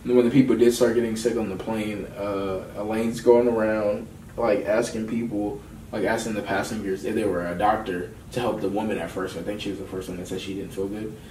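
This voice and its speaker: A young man co-hosting a casual podcast chat about a film, excitable and slangy, often laughing as he recounts scenes. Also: fairly low pitch, brisk. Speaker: podcast co-host. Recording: echoey room, mic far off, faint noise.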